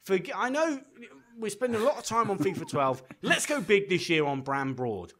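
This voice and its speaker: Lively, teasing male podcast co-host. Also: high-pitched, normal speed. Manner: teasing, playful. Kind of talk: casual podcast banter.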